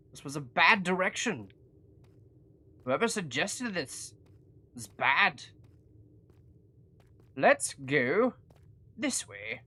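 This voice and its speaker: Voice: medium pitch, very animated, very slow, pauses often, pushed and bright, husky. Chatty self-mocking gaming streamer. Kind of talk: casual live gameplay commentary.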